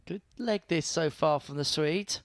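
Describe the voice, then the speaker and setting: A man's voice: fairly high pitch, unhurried, background noise. A man doing live darts commentary, chatty and informative, mixing play-by-play with anecdotes.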